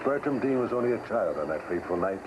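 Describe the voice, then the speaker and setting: A man's voice: lowish voice, animated, fast talker, muffled recording, noisy background. A man narrating a documentary in a dramatic, emphatic scripted delivery. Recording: narration over loud music score.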